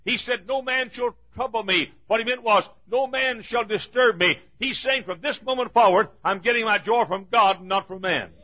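A man preaching a fiery sermon in a church, repeating his lines and rising to shouts. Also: high-pitched, normal speed, hardly any pauses, highs cut off.

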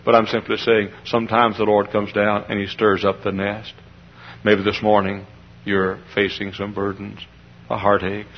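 A man preaching a sermon as pastor, moving from quiet storytelling to shouted, high-pitched climaxes. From Texas. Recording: dull, muffled lo-fi sermon recording.

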